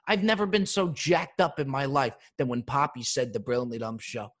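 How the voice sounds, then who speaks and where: A man's voice: on the high side, moderate pace. A man hosting a podcast, telling comic stories from his living room with swearing and mimicry. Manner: animated storytelling with profanity and mimicry. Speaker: podcast host. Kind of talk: comedic monologue. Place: living room with open windows.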